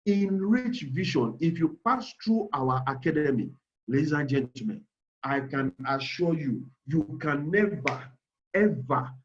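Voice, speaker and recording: A man's voice: fairly high pitch, lively intonation, unhurried, lo-fi sound. A man with a Nigerian accent giving an emphatic online trading webinar, repeating key words and calling out to the audience. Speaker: trading instructor. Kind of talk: webinar sales pitch.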